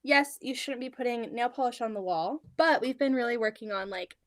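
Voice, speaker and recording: Woman, 30s, quilting livestream host, slightly high, dry close sound, chatty. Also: fairly quick, dry recording. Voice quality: chatty, rambling, reads out viewer comments. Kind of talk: casual chat on a live stream. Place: home sewing room.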